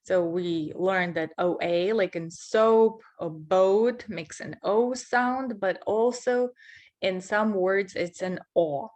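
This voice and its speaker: Slow, careful woman teaching pronunciation. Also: mid-range voice, darkish tone. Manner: slow, deliberate, repeats words to model sounds. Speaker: English teacher. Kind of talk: pronunciation lesson.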